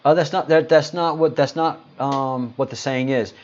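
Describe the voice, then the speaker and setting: A man's voice: mid-range voice, fairly even intonation, normal speed, muffled recording. A man hosting a casual livestream, greeting viewers and answering chat comments in a rambling, hesitant way with lots of fillers. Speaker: livestream host.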